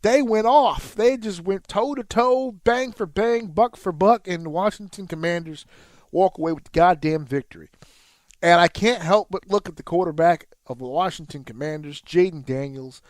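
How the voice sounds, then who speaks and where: A man in his thirties co-hosting a casual podcast, telling a sports story in an animated, profane way and jumping up sharply in pitch when excited. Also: no echo. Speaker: podcast co-host.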